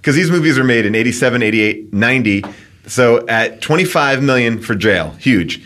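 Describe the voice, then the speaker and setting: A man's voice: mid-range voice, lively intonation, moderate pace, a bit bright. A man on a casual podcast, playfully quizzing his co-hosts with facts. His voice sits mid-range and moves expressively. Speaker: podcast co-host. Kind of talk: casual chat.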